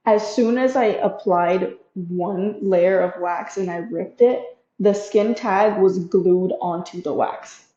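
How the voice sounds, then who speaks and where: A woman's voice: medium pitch, slow pace, few pauses, dark tone. A woman who works as a waxer, telling a work story in casual chat, laughing between lines. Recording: roomy, dull sound.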